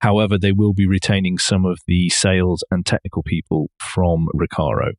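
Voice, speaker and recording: Guy co-hosting a car podcast, lowish voice, dry close sound, wry. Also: steady tone, normal speed, a little mellow, dry recording. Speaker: podcast co-host. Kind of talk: casual chat about car news.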